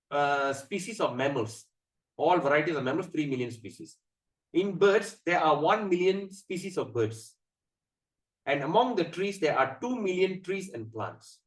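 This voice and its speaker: A man giving a scripture class, chanting verses slowly and then explaining them animatedly with many fillers. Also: a little high. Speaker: spiritual teacher. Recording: echoey room, mic at a distance.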